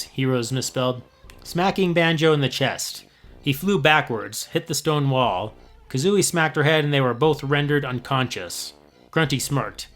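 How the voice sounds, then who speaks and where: A man in his thirties reading aloud and commenting as a video host, halting with many fillers and self-mocking asides. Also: medium pitch, fairly bright tone.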